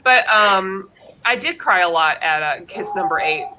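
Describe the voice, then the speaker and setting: A woman's voice: on the low side, unhurried, a loud crowd, poor audio. A woman hosting a casual podcast, chatty and laughing easily, with lots of filler words. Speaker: podcast host reading listener scores. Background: dogs in the room.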